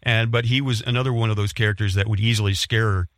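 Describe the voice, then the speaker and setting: Low-voiced man explaining calmly. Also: no echo. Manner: measured, explanatory, with fillers. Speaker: podcast co-host. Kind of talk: casual chat.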